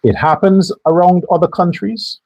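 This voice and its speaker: A man delivers a political monologue as a show host, blunt, foul-mouthed and openly angry. His voice is pitched high for a man and has a husky grain. He hammers his points home by saying them again and again. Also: steady tone, moderate pace, a little mellow, low-quality recording. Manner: angry, blunt and profane, hammering phrases by repetition.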